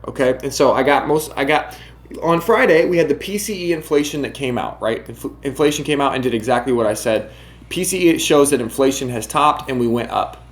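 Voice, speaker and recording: A man giving casual market commentary to camera, brash and emphatic, often mocking his viewers. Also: medium pitch.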